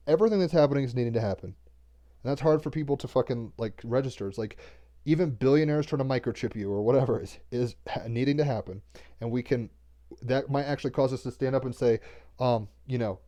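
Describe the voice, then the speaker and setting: Rambling mellow-voiced man reading cards. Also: medium pitch, fast talker. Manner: rambling, excitable, swears casually; mixes loose chat with reading card text aloud. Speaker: oracle card reader. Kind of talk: casual spiritual monologue.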